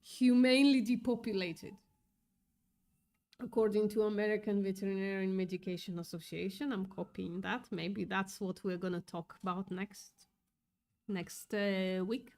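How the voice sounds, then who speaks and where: A woman's voice: medium pitch, fairly even intonation, normal speed, vocal fry, a little mellow. A woman hosting a casual livestream, upset and thinking aloud, swearing often as she reads chat. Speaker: livestream host reading chat.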